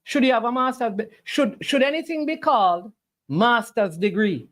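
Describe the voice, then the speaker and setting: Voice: medium pitch, moderate pace, a bit bright. A livestream host, arguing back at the chat with preachy rhetorical questions. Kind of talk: casual argumentative livestream talk.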